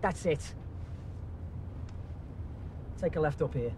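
A brash, swearing English gangster. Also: male voice, a little high, slow, warm tone, a little hiss or hum. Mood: scornful. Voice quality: profane, boastful, mocking. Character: foul-mouthed brash English gangster man. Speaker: film character.

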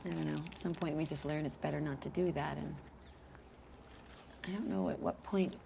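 An actress playing a concerned young woman who asks gentle, probing questions and laughs often, outdoors by a lake. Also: sits low, steady tone, fairly quick, creaky. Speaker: film character. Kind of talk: naturalistic film acting. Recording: noisy outdoor film sound.

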